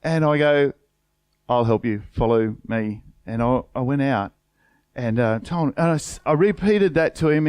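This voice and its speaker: A man's voice: mid-range voice, moderate pace, a little mellow, clean tone, no echo, studio quality. A middle-aged man with an Australian accent, a pastor preaching a sermon through a chatty personal story full of colloquial slang and acted-out dialogue. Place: church.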